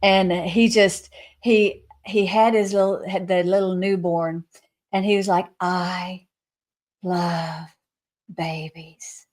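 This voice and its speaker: A woman guest sharing a spiritual vision in an earnest storytelling way, often dropping to a soft, slow hush. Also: mid-range voice, little pitch movement. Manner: soft, hushed and slowed when quoting; earnest, with fillers and restarts.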